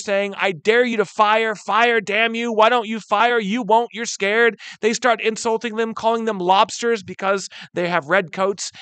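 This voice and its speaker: High-voiced animated male history teacher. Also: no echo. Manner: animated, keeps addressing listeners as "guys"; acts out quotes in brief voices. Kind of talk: recorded history lecture.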